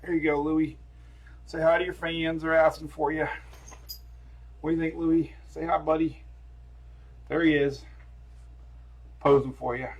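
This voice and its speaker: Husky-voiced man chatting on a live stream. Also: on the high side, little pitch movement, a little slow, long pauses. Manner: rambling and chatty, talks to his dogs and viewers. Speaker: weather forecaster hosting a live stream. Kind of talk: casual live stream chat.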